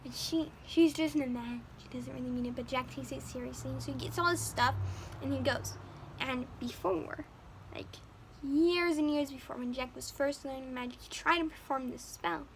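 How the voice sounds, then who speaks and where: A woman storyteller retells a fairy tale in a loose, chatty, rambling way. Her voice sits high and animated. Faint room ambience hums under the recording. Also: moderate pace, gravelly, a little hiss or hum.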